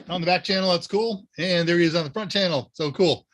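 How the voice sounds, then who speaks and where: Male livestream host, casual and chatty, slightly higher voice. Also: normal speed, slight background noise. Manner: relaxed, chatty, answers viewer questions. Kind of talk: casual live Q&A.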